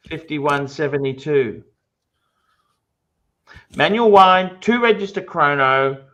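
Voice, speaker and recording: A man co-hosting a casual livestream, explaining watch models with effusive praise and halting fillers. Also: on the high side, fairly bright tone. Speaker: co-host and watch expert. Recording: dull lo-fi sound.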